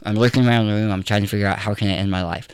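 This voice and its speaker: A pastor telling a personal story in an interview, candid and earnest. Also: male voice, on the low side, fairly even intonation, racing, clean tone, no echo. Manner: candid, earnest, conversational with fillers.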